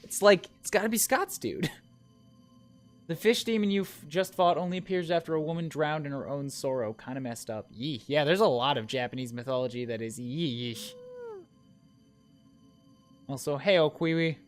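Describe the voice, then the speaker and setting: A man's voice: fairly high pitch, normal speed, faint music behind. A man streaming a video game, chatting playfully, talking to enemies and to his chat. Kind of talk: casual gameplay commentary.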